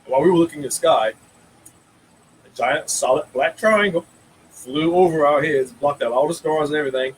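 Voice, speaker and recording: A man from recounts a strange night with animated energy, stumbling over repeated words when excited. His voice sits a little high for a man. A faint background hiss runs under the talk. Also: moderate pace, rough recording. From North Carolina. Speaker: guest co-host. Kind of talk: casual storytelling.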